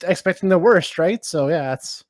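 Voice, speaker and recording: A man's voice: fairly high pitch, lively intonation, moderate pace, dry recording, clean studio sound. A man co-hosting a podcast, chatting casually and reassuring a friend in short, loose phrases. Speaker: podcast co-host. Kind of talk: casual chat.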